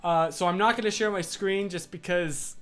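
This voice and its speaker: Faint music sits behind this young livestream host, who talks from a home room with a whiteboard in a high, clear, resonant and fairly bright voice. His intonation is fairly even and his pace moderate while he goes through viewer comments, rambling with lots of restarts and fillers.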